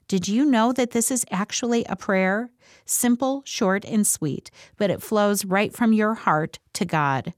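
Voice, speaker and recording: A woman hosting a devotional podcast, reading a script in a calm, measured way. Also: mid-range voice, no echo, clean studio sound. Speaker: host.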